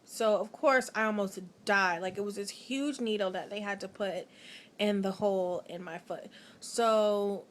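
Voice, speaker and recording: A tired woman tells a story late at night in a loose, chatty way. She is animated and full of filler words. Her voice sits in a middle register, with a faint background hiss. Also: mid-range voice, unhurried. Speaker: vlogger. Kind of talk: casual personal storytelling.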